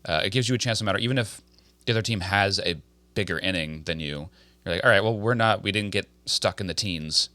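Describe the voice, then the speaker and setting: A man co-hosting a casual sports recap chat over an online call, quick and animated, laughing often. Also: low voice, no room sound. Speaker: podcast co-host.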